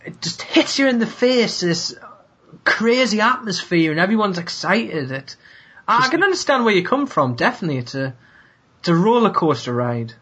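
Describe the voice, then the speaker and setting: A man with a Cockney accent co-hosting a podcast in casual chat, animated and quick to laugh. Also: high-pitched, slightly rough. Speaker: podcast co-host.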